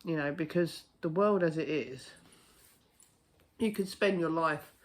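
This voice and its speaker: Just a guy ranting to camera, swears a lot, gets animated telling stories. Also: fairly high pitch, measured pace. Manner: blunt, sweary, animated storytelling. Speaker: postal worker vlogger. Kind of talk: casual chat to camera.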